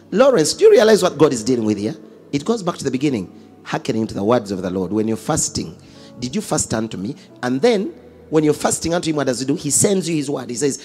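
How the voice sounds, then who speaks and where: A pastor preaches with a high, lively voice that leaps up and drops low, acting out both sides of a dialogue. Faint music plays under his sermon in a live service. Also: brisk. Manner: dramatic, swings between booming and hushed, acts out dialogue.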